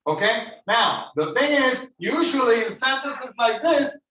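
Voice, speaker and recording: High, bright-voiced man teaching English. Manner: explains slowly, repeats phrases. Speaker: ESL teacher. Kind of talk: online English lesson. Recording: roomy echo, voice heard from a distance.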